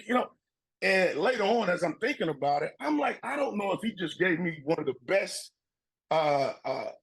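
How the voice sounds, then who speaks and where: A middle-aged man with a husky, slightly breathy voice that sits a little high for a man. He tells his stories in a casual, animated way, jumping into his old coaches' voices as he goes. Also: rough recording. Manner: animated storyteller, acts out coaches' voices, laughs often. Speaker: former football player, guest. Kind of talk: casual storytelling interview.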